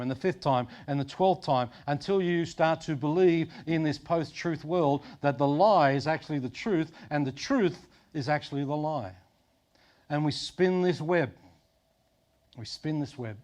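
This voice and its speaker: A middle-aged pastor from Sydney, Australia, preaches a sermon in a conversational manner. His male voice drops to soft, low tones when he wants emphasis.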